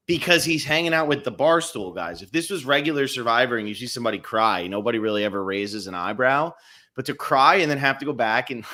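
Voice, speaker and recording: A man's voice: mid-range voice, sharp tone. A man co-hosting a podcast, chatting casually and rambling through a recap of a reality show, laughing now and then. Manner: rambling, amused, laughs often. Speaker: podcast co-host.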